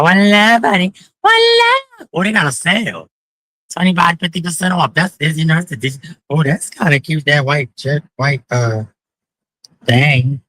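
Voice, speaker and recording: A man's voice: a little high, fairly bright tone, no echo, rough recording. A man hosting a casual live stream while walking city streets at night, flamboyant and profane, calling his viewers honey with sing-song outbursts.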